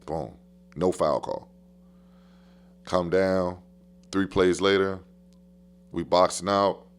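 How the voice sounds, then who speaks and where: A man with a very deep voice tells stories from his coaching career in a loose, slangy podcast style. He talks with plenty of animation and hammers his points by repeating short phrases. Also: fairly even intonation, slow pace, clean tone. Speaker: basketball coach. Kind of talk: casual podcast storytelling.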